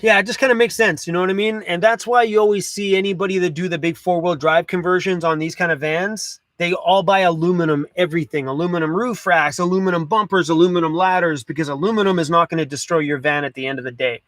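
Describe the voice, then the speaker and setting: A man's voice: high-pitched, fast talker, few pauses, fairly bright tone, dry recording. A man hosting a casual van life livestream, chatty and laid-back, swearing now and then. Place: inside a camper van.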